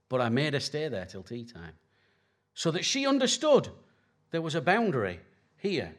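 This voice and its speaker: A man in his forties gives a conversational sermon as pastor, animated and constantly checking in with his listeners. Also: a little high, moderate pace.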